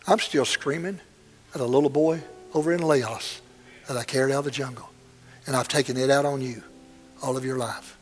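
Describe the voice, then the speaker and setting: A man's voice: medium pitch, a little fast, big-room sound, faint music behind, natural voice. A man voicing a stern army captain who later becomes a remorseful father, speaking bluntly and then pleading.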